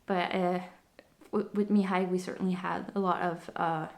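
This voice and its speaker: A woman's voice: fairly low pitch, flat delivery, moderate pace, creaky. Breathless woman chatting on her podcast. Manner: rambling, with frequent fillers and restarts. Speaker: podcast host. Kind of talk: casual chat.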